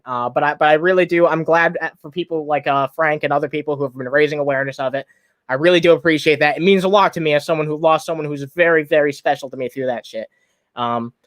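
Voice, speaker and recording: A man's voice: fairly high pitch, a bit bright, no room sound. Profane ranting man, close dry mic. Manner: ranting, profane, heated, with restarts. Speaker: streamer host. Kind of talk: angry reaction livestream commentary.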